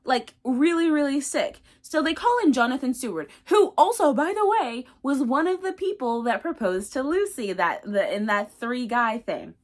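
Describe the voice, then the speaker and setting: A woman's voice: sits high, expressive, normal speed, few pauses. A young woman recapping a book casually, rambling with lots of fillers. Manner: rambling, filler-heavy, chatty. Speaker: book reviewer.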